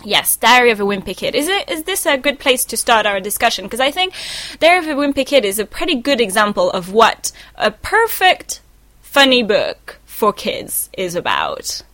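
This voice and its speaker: A woman's voice: a little high, very animated, normal speed, a bit bright, no echo. A young woman co-hosting a podcast, talking in a thoughtful, chatty way with fillers and small self-corrections. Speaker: podcast co-host. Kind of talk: casual chat.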